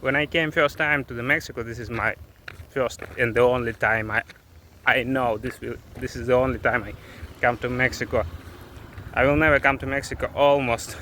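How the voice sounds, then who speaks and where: Bright-voiced man vlogging on a busy street. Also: mid-range voice, fairly even intonation. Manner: candid, complaining, with halting restarts. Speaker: travel vlogger. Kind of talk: casual vlog monologue. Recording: faint street traffic noise.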